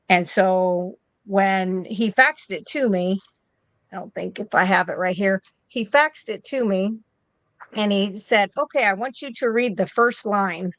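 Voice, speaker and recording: A woman's voice: mid-range voice, unhurried, a bit bright, dry recording. A woman in her fifties, an interview guest and nurse from the United States, telling a story in a casual way and acting out both sides of each conversation.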